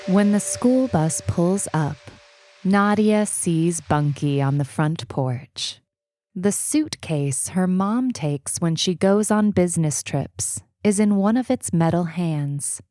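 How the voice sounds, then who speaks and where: A woman narrating a short story in an unhurried, even storytelling manner. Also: lowish voice. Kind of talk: audiobook reading.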